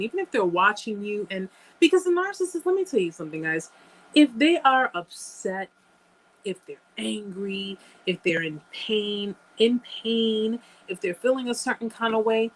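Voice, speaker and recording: A woman's voice: a little high, lively intonation, measured pace, rough recording. Emphatic woman hosting a live chat. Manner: emphatic, repeats phrases, addresses viewers as guys. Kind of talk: casual live-stream chat.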